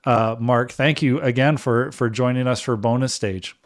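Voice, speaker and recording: A man's voice: medium pitch, fairly even intonation, moderate pace. A man hosting a live music stream, upbeat and jokey, laughing often as he chats with a guest. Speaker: livestream host. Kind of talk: casual live show hosting.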